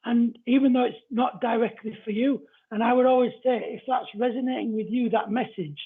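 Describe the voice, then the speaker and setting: A high, husky man hosts a live-stream card reading, breaking off to greet viewers by name. His voice comes through thin and narrow, as if over a phone line. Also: steady tone, brisk. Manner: chatty, greets viewers between explanations. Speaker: psychic card reader.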